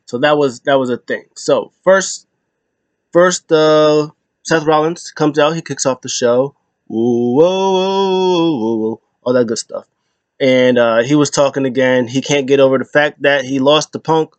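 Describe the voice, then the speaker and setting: A man's voice: medium pitch, no echo. A man casually recapping a wrestling show, rambling with plenty of fillers and retelling what was said. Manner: rambling, retells lines in quotes, many fillers.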